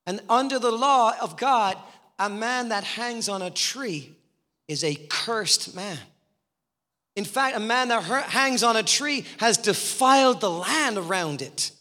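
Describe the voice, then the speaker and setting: A man preaching a sermon as a guest speaker, impassioned and rising to shouts. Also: sits high, lively intonation, measured pace. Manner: impassioned, rising to shouts, acting out voices in parables. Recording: long hall reverb with faint guitar behind.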